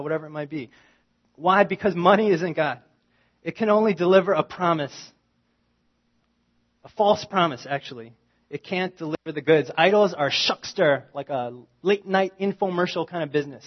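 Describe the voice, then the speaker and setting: A man preaching a sermon with a fairly high voice, talking to his congregation in an easy, conversational way. He swings between loud, emphatic lines and quiet asides. The recording sounds dull and muffled. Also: normal speed. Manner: animated, conversational preaching with wide swings in loudness. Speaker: pastor.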